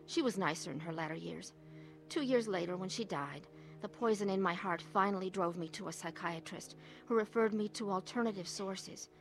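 Brief: actress as a confessional middle-aged wife narrating her story, mid pitch, soft music behind. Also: close to an everyday voice. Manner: earnest, confessional. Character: troubled middle-aged wife looking back. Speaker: narrator and lead. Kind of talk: radio drama testimony narration.

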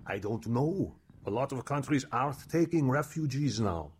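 An actor playing a calm, grave husband who quietly explains how to get the children to safety. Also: male voice, mid-range voice, husky. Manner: measured, grave. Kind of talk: radio drama acting.

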